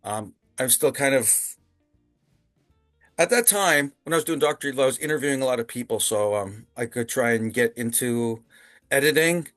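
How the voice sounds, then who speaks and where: A man from Ontario, Canada, a guest telling a story casually over a video call, animated and laughing often. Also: medium pitch, normal speed, no echo, clean studio sound, faint music behind.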